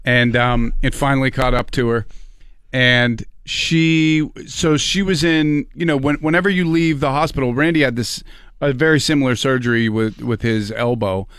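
A man's voice: medium pitch, normal speed, smooth, no room sound, clean studio sound. A middle-aged man and podcast co-host, telling family stories in casual chat and acting out his relatives' lines. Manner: animated, acts out family members in quotes.

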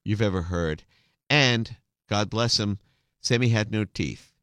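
A middle-aged man hosting a podcast interview, telling stories in a lively way and dropping into accents. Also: on the low side, unhurried, dry recording, studio quality. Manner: animated storyteller, slips into accents. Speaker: podcast host. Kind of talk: casual interview chat.

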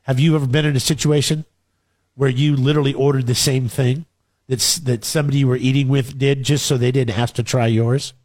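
A man's voice: medium pitch, flat delivery, a little fast, darkish tone. A man with a mid-range voice bantering casually as a co-host. He teases and keeps pressing with probing questions.

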